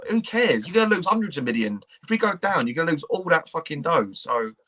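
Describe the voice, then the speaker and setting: A man's voice: on the high side, sing-song, fast, sharp tone. A man talking football in a casual chat. He is blunt and swears freely, ranting at length about his club. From England. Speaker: podcast co-host.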